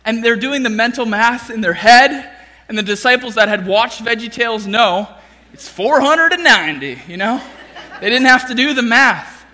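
A pastor preaching in a conversational way, with restarts and quick asides. His voice is high and bright, and a long reverb trails off in the big hall. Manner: conversational, with many restarts and tag questions. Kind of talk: sermon.

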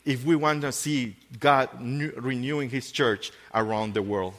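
Man, pastor, sermon, emotional, halting restarts, mid pitch. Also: steady tone, a bit bright, long reverb tail.

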